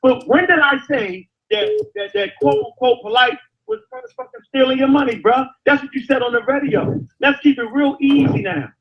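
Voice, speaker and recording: Gravelly, high-voiced man arguing defensively. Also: expressive, normal speed, highs cut off. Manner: defensive, insistent, profane. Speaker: live chat debater. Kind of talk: heated live-chat argument.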